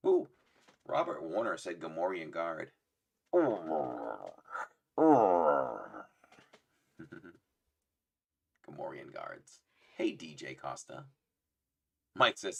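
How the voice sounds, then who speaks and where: Man, deep gravelly voice, slow, playful stream host, lively pitch. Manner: playful, laughs often, reads chat aloud; fond of doing voices. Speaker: livestream trivia host. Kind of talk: casual live-stream chat.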